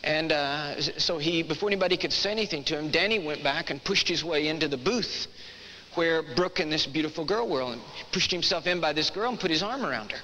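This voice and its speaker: Earnest preacher in an echoey hall. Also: male voice, on the high side, brisk, pushed and bright. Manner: earnest, emphatic, repeats phrases for effect. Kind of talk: sermon with storytelling. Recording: echoey hall, faint background noise.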